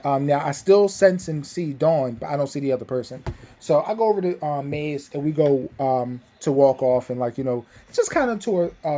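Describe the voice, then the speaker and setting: A man's voice: fairly high pitch, mellow. A young man casually recapping a tabletop game session, rambling with lots of fillers and restarts.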